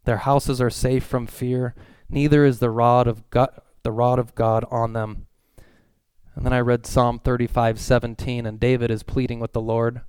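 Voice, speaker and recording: A pastor preaching a sermon in an earnest, pleading way, reading scripture aloud. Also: male voice, medium pitch, level tone, moderate pace, a little mellow, clear, resonant tone, no echo.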